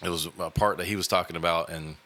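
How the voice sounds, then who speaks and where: A man with a deep, low-pitched voice that still sounds bright and forceful. He tells his story casually and earnestly as a podcast host, stopping and restarting often. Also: steady tone. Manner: halting, many fillers and restarts, earnest.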